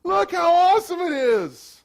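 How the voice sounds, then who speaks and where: A man voicing a smug friend who shouts down boasts about his new car and house. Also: very high-pitched, big pitch swings, a little slow, vocal fry, pitched above the performer's own voice, full character voice. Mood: gloating. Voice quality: shouting, gloating.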